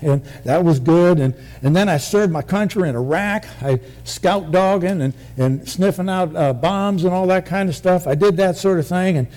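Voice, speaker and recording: A bragging talking dog tells its tall tales in an easy, unhurried drawl, put on lightly by a man telling a joke. The voice is mellow and warm and sits a little high. It is delivered as a joke told from the pulpit. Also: close to an everyday voice. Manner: bragging, easygoing. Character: boastful talking dog, male, tall-tale teller.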